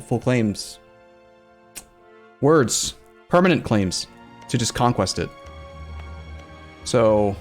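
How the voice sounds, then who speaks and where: A man streaming a strategy game, chatting casually as he plays, thinking aloud and answering his chat. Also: medium pitch. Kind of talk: casual let's-play commentary.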